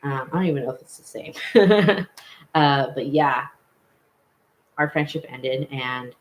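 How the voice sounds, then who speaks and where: Young male vlogger at mid pitch, casual storytelling, loose and rambling, stops and corrects himself often. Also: poor audio. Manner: rambling, with many fillers and self-corrections.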